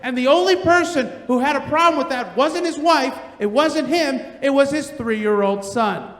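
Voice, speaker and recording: High-voiced comedian in an echoey theater. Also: male voice, moderate pace. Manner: animated storytelling, shouting punchlines. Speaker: stand-up comedian. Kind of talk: stand-up set. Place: large theater on stage. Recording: echoey theater with long reverb. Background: audience laughter.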